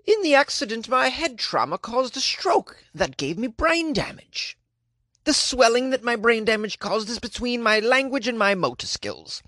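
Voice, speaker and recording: A man voicing a chatty Jamaican woman who is dazed after a crash, in a high sing-song put-on accent. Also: big pitch swings, normal speed, sharp tone, dry recording, clean studio sound, full character voice. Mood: reading.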